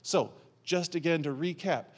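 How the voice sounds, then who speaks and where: A male pastor delivers a sermon in a fairly high voice. He tells the story with animated energy, dropping in playful asides and acting out the characters' lines. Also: normal speed.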